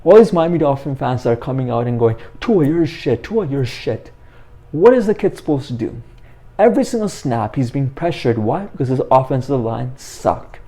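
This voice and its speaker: A young man hosting his own channel launches into a heated, repetitive rant of sports opinions. His voice is a little high with a dark tone.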